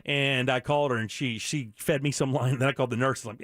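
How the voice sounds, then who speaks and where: A man's voice: medium pitch, fairly even intonation, a little fast, fairly bright tone, no echo, clean studio sound. A middle-aged man hosting a radio show, talking earnestly and bluntly with many restarts. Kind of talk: candid talk radio monologue.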